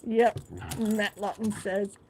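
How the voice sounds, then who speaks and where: A woman's voice: mid-range voice, level tone, takes it slowly, dark tone. A woman live streaming from her living room, chatting casually, reading viewer comments and talking to her dog. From Alaska. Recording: noisy home recording.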